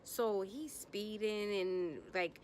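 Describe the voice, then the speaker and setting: Taking it slowly, a woman recaps a reality TV episode with blunt, slangy, sassy commentary. She's animated and acts out people's lines in bursts of higher pitch. There's a little hiss or hum on the recording.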